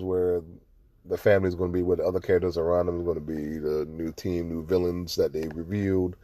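A man's voice: low voice, warm tone, no echo. A man hosting a podcast and giving a casual review, swearing freely and getting heated as he rants. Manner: profane, ranting, growing heated. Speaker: podcast host.

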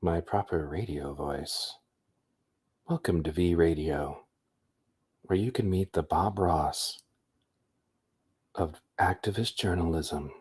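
A man putting on the voice of a gentle, soft-spoken male TV painting instructor, hushed and slow. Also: sits low, breathy edge, exaggerated voice. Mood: soothing.

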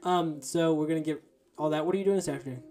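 A man's voice: on the high side, quick pace, darkish tone. A man hosting a podcast in casual chat, teasing his guest in a dry way. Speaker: podcast host.

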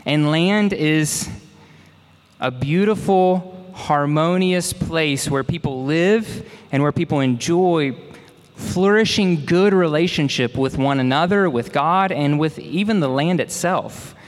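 Folksy pastor in a reverberant hall. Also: male voice, a little high, slow. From Mississippi, US. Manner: conversational, folksy preaching with asides to the congregation. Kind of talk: sermon.

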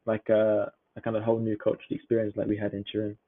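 A man's voice: lowish voice, completely flat delivery, fast talker, no echo. A young man from southern England with a southern English accent, chatting casually as a podcast guest and rambling through filler words. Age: young adult. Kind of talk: casual chat. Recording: tinny phone-like line.

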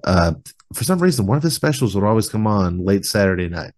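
A man's voice: fairly low pitch, big pitch swings, fairly quick, a little mellow. A man hosting a podcast, chatting casually and jokingly, swearing freely as he rambles. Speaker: podcast host. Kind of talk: casual chat.

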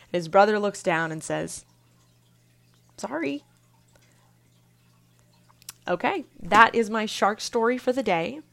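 A young woman hosting her own podcast, telling a family story in a casual, lively way. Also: mid-range voice, measured pace, vocal fry. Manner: casual, animated storytelling with laughs. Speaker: podcast host.

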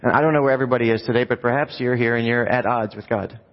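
A man's voice: mid-range voice, fairly even intonation, very fast. A man preaches a sermon in a church sanctuary, talking to the congregation like a conversation and tossing them rhetorical questions. His voice carries a long hall reverb. The recording sounds muffled and dull. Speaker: pastor.

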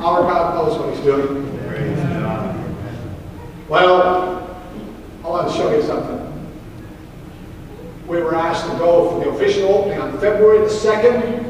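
A man's voice: high-pitched, a little slow, long pauses, slight background noise. A man preaching as a pastor, telling a story and acting out the lines of the people in it. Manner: animated storyteller acting out quoted dialogue. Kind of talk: sermon storytelling. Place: large hall or church. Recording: echoey hall from far off, faint ambience.

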